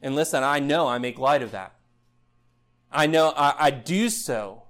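A man preaching a sermon in an earnest style, building up loud passages and then dropping low and quiet. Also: a little slow. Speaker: pastor.

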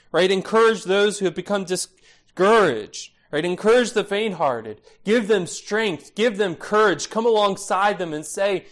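A male pastor preaching an expository sermon, emphatic and repetitive, often adding "right?". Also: high-pitched.

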